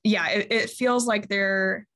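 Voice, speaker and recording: A woman co-hosts a casual music podcast, reviewing music in a chatty way full of ums and likes and frequent laughter. Her medium-pitched voice is fairly bright, with fairly even intonation and an unhurried pace.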